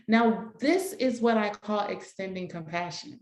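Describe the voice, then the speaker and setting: A woman's voice: mid-range voice, measured pace, a little mellow, roomy sound. A woman leading an online workshop for educators, speaking in an encouraging, affirming way with many repeated phrases, heard over a video call. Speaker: workshop facilitator.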